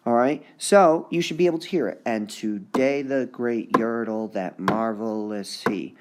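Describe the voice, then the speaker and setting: A male high school English teacher giving a recorded lesson on poetic meter, repeating words to sound out their stresses. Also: a little slow, few pauses, slight background noise. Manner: sounds out syllables to mark the stresses.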